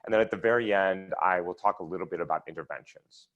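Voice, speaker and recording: Low-voiced man lecturing on research. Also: quick pace, fairly bright tone, dull audio. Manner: explanatory, walks listeners through charts step by step. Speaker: researcher presenting at an online seminar. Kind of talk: lecture with slides.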